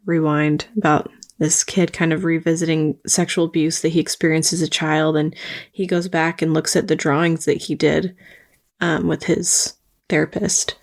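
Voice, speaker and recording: A woman's voice: low voice, little pitch movement, moderate pace. A woman co-hosting a podcast, talking thoughtfully and steadily about parenting. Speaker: podcast co-host. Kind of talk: casual conversation.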